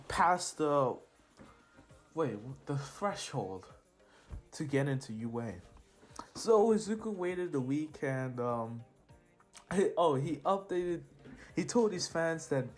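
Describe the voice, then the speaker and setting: A teenage boy narrating a fan-made superhero story in a casual, rambling way with laughing asides and slang. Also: a little high.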